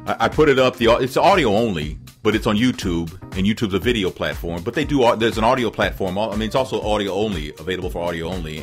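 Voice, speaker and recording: A man hosting his own internet show, riffing casually on celebrity news in a rambling, chatty way. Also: on the low side. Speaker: podcast host.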